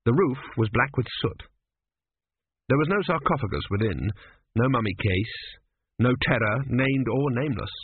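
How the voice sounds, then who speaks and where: A man reads a comic fantasy audiobook in a dry, wry manner, his pitch moving in a lively way. The voice is husky and close, but the whole recording sounds thin and phone-like. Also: moderate pace, dry recording. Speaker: narrator. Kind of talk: audiobook narration.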